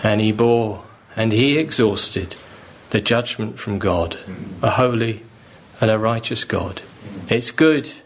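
Male preacher, unhurried, earnest, faint ambience. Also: on the low side, slight background noise. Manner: earnest, pleading, rising with fervour. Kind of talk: sermon.

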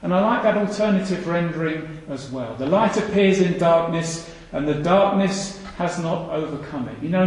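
A man's voice: fairly high pitch, normal speed, hardly any pauses, a little mellow. A man preaching a sermon, earnest and full of rhetorical questions, repeating his phrases for emphasis. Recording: echoey hall reverb.

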